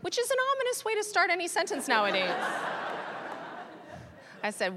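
A woman comedian performs a stand-up set on stage into a handheld mic. Her voice sits high and bright, and it swings widely. She talks in a sardonic, animated way and laughs through her punchlines. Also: normal speed, long pauses. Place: comedy stage with live audience.

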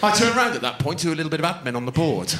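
Animated sweary comedian. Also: male voice, a little high, very fast, roomy sound, a little hiss or hum. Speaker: stand-up comedian. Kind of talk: stand-up storytelling.

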